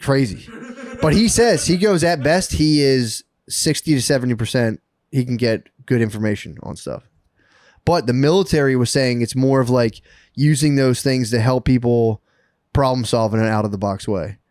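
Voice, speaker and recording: Profane, excitable podcast storyteller man. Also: medium pitch, normal speed, no room sound, studio quality. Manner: excited, profane, laughing storyteller acting out quotes. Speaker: podcast co-host. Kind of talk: casual storytelling chat.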